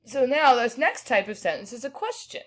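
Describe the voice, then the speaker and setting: A woman's voice: a little high, very animated, moderate pace. A woman teacher giving a patient grammar lesson, checking in with her students often. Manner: patient, checks in with "right?" and "okay".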